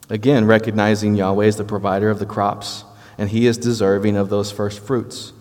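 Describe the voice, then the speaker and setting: A man's voice: fairly low pitch, darkish tone, big-room sound. A man with a Southern US accent preaching a Bible teaching in a conversational, explanatory way. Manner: conversational, explanatory, frequent restarts. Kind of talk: sermon-style Bible teaching.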